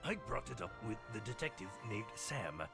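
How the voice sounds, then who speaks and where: A man voicing a formal male agent in a deep, gravelly voice, reading game dialogue as a measured report. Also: very animated, loud music behind the voice. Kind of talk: game dialogue read aloud by a player.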